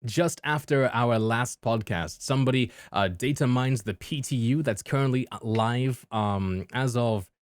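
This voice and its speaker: A man's voice: mid-range voice, a little slow, hardly any pauses, no echo. A man hosting a casual podcast, chatting loosely with plenty of fillers and laughs. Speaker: podcast host.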